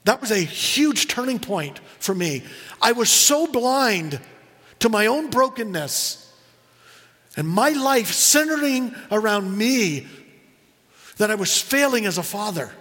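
Middle-aged guy pastor preaching, highish voice, echoey church hall, earnest storytelling. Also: sing-song, a bit bright. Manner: earnest storytelling, slows for emphasis. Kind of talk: sermon.

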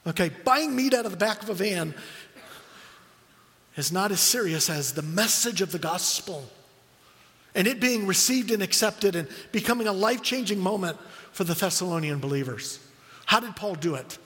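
A middle-aged man preaching a sermon as a pastor, telling stories with animated quoted voices. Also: high-pitched, moderate pace, big-room sound.

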